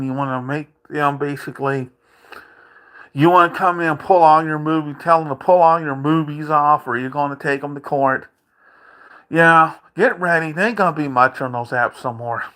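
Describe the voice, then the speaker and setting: A man's voice: on the high side, normal speed, bright, forceful tone, clean tone. Furious man ranting at the camera. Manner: heated, profane, taunting, repeats phrases. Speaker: vlogger. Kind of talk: angry rant to camera. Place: dark room at home.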